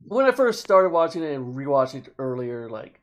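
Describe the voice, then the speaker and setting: A man co-hosting a casual podcast, talking in a halting way with frequent restarts. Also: mid-range voice, very animated. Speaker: podcast co-host.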